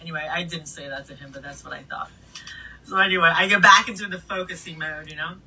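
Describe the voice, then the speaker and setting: A middle-aged woman DJ telling stories in a casual interview, animated, swearing freely and laughing between anecdotes. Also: low voice, fast talker, breathy edge. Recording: voice a bit distant from the mic.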